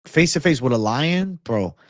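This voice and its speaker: A young man hosting an MMA livestream, chatting casually and reading comments in a profane, excitable bro style. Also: a little high, normal speed, no room sound, clean studio sound. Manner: profane, excitable, laid-back bro talk.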